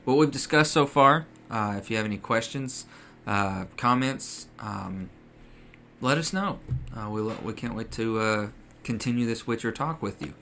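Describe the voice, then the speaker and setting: A man's voice: medium pitch, lively intonation, normal speed, bright, forceful tone, a little hiss or hum. A man co-hosting a casual podcast, chatty and full of ums and uhs. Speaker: podcast co-host.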